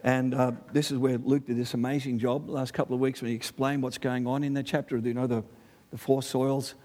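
There's a brisk pace to this middle-aged Australian-accented preacher, whose mid-range voice carries an animated, conversational sermon packed with rhetorical questions and asides for the congregation.

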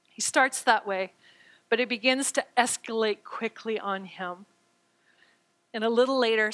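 The recording is rough as a woman delivers a sermon, going back and forth between scripture and her own explanation. She performs the quoted passages in a bright, forward, fairly high voice, stammering at times as she gets worked up.

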